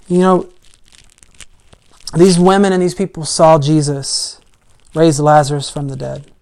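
A preacher giving a conversational sermon. They retell a story in plain, everyday words, using frequent "like" and "I mean", and get louder on the key points. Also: mid-range voice.

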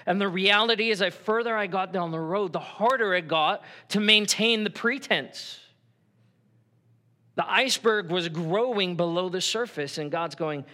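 Middle-aged pastor guy preaching in church, bright kinda high voice, chatty and earnest. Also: moderate pace. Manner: earnest, conversational preaching with acted-out quotes. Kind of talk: sermon.

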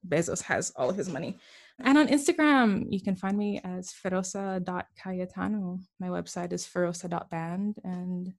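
A woman guest with a Caribbean accent, speaking in a slightly low voice. She talks about her work in an earnest, soulful way, and a laugh often slips into her words. Her pace is unhurried and reflective. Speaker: musician and spiritual healer guest. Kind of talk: reflective podcast conversation.

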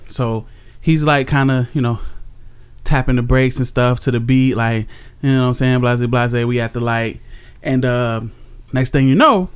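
A man's voice: medium pitch, moderate pace, smooth. A man telling a story in a casual chat, loose and profane, with lots of fillers. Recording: slightly dull recording.

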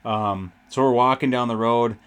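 A young man hosts a podcast and tells a long, rambling story with swearing in nearly every sentence. His retelling is animated and casual, at an ordinary male pitch. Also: normal speed, clean tone. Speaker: podcast host.

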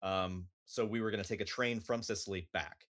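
A man's voice: fairly low pitch, fairly even intonation, brisk, fairly bright tone. A man co-hosting a podcast, telling a travel story in casual chat, with lots of "like" and "um". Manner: rambling with many fillers, like and um. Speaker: podcast co-host.

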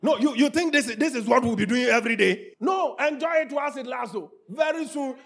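High gravelly impassioned male preacher. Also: fairly quick. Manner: impassioned preaching, rising to shouts, then repetitive prayer chanting. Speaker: pastor. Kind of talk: sermon.

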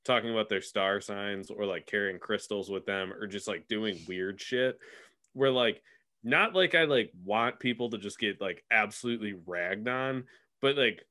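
Young male podcast co-host, bright forceful voice, rambling and laughing, on a remote call. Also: fairly low pitch, moderate pace. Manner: rambling, laughs between words. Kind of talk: casual chat. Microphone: remote video call.

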